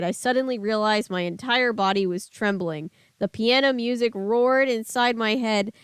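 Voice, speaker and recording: A woman's voice: on the high side, normal speed, few pauses, smooth, no echo. A woman streamer reading a book aloud and chatting casually with her live chat.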